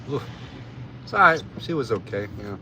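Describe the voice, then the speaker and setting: A man's voice: medium pitch, expressive, moderate pace, noisy background. A man chatting casually on a live stream, laid-back and drowsy, laughing often and swearing casually. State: drowsy after a nap. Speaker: livestreamer.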